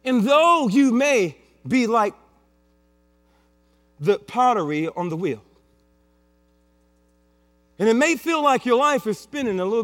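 A man's voice: extremely high pitch, very animated, takes it slowly, pauses often, a bit bright. A man preaching a sermon with emphatic repetition and playful asides. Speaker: pastor. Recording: long hall reverb with mains hum.

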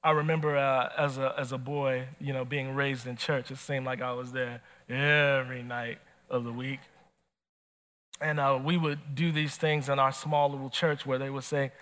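A man preaching a sermon as pastor, animated and swinging from soft to shouting. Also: fairly high pitch, normal speed. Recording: long hall reverb.

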